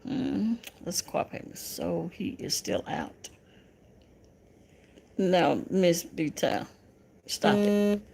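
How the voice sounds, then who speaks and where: A woman's voice: fairly low pitch, very animated, extremely slow, gravelly, pauses often, mellow, a little hiss or hum. A Southern American woman hosting a casual livestream, laughing often and teasing her viewers as she reads their comments. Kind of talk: casual live chat.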